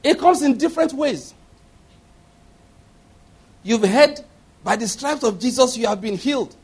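A man with a high voice preaching a sermon. He tells stories animatedly, acting out laughter and voices. He speaks emphatically, putting questions straight to the listeners. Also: expressive, a little slow, husky. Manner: emphatic, addresses congregation directly.

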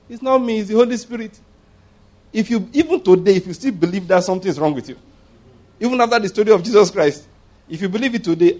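A male preacher delivers a sermon in a slightly raised voice. He is animated and humorous, stumbling over restarts and acting out the voices of the people in his stories. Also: sits high. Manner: animated, humorous, acts out quoted voices, frequent laughs and restarts.

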